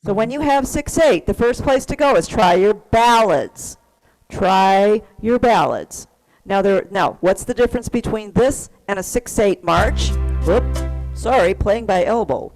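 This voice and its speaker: Woman keyboard teacher, mid-pitched, counts beats aloud over a faint keyboard backing. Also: animated, a little slow, a little mellow, faint music behind. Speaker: music teacher. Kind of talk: online keyboard class. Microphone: computer mic on a video call.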